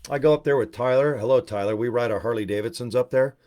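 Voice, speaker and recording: A man rambling and joking on a livestream, swearing freely and telling animated stories. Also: medium pitch, quick pace. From Utah. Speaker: network marketing presenter.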